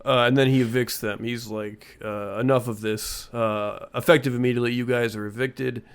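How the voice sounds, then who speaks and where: Laid-back man with halting podcast chatter. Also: medium pitch, smooth. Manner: relaxed, hesitant with many uh fillers. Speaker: podcast co-host. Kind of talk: casual comedy podcast chat.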